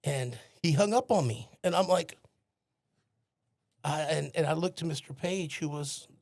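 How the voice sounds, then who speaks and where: Southern guest, gravelly and slightly high, dry close mic, chatty storyteller. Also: male voice, animated, measured pace, a little mellow, dry recording. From American South. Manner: polite anecdotal storyteller. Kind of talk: casual conversation.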